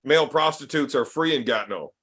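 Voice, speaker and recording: A man's voice: medium pitch, fast, fairly bright tone, husky. A man hosting a casual podcast chat, blunt and swearing freely as he asks guests questions. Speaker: podcast host.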